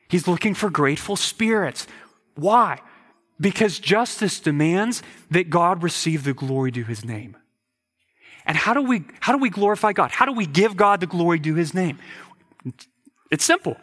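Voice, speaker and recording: A man's voice: on the high side, lively intonation, moderate pace, fairly bright tone, breathy edge. A man preaching a sermon, emphatic, posing rhetorical questions and often repeating words as he goes. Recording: reverberant hall.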